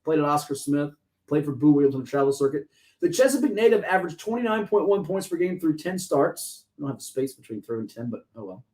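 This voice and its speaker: A man hosting a sports talk show, talking fast and joking excitedly with his co-host. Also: fairly high pitch, low-quality recording. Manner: fast, excitable, jokey and talkative.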